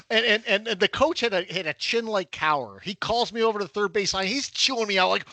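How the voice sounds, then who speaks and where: A man telling lively anecdotes on a casual sports podcast, bursting into loud mimicry of his coaches. His voice is high and bright, recorded dry and close. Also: fast, few pauses, no room sound. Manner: animated anecdote teller, acts out shouting coaches. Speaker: podcast co-host. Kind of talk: casual chat.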